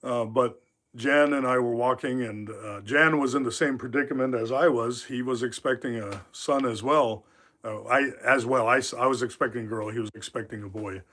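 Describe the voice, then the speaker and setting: A man in his fifties from Alaska hosts a livestream from a knife workshop, telling rambling, casual stories packed with filler words. His medium-pitched, slightly bright voice keeps a fairly even intonation at a moderate pace.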